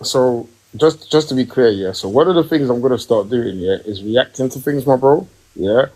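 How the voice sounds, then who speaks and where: Husky man ranting on a live stream. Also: moderate pace, rough recording. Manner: animated, emphatic, rising in pitch when worked up. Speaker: podcast host. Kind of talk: heated casual rant.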